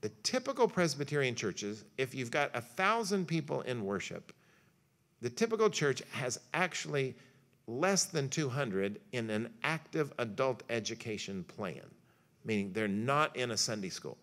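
A man lectures a church luncheon crowd as a pastor, telling folksy stories and acting out bits of dialogue along the way. His voice is bright and forceful, sitting at an ordinary pitch for a man. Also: big pitch swings, normal speed. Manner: folksy storytelling with jokes and acted-out quotes. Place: church hall.

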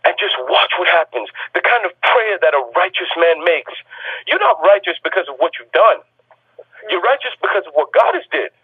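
A man preaching a fervent sermon, insistent and repetitive, pushing his points harder and louder at times. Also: high voice, animated, moderate pace, husky, dry recording. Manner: insistent and repetitive, rising to shouts. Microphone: telephone. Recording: tinny phone line.

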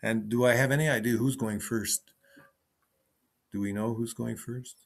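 A man of ordinary pitch leads an online piano lesson. He talks things through as he goes, repeating short phrases while he demonstrates at the keyboard. His voice comes through a video call. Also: steady tone, normal speed. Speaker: piano teacher. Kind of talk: online teaching session.

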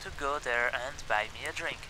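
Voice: mid-range voice, a little fast, sharp tone, slight background noise, poor audio. A man voicing an eerie game character who coaxes the player into little games. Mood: coaxing.

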